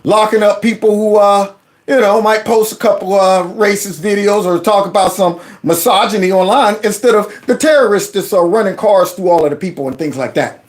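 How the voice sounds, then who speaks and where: A man's voice: high-pitched, fairly quick. A man hosting his own commentary channel, reacting to a news clip in an incredulous, ranting way and acting out quotes.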